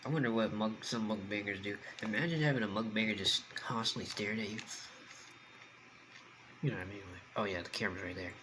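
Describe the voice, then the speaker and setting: A man's voice: lowish voice, fast talker, noisy background. A young man, chatting casually to the camera while he eats, rambling and talking with food in his mouth. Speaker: mukbang vlogger.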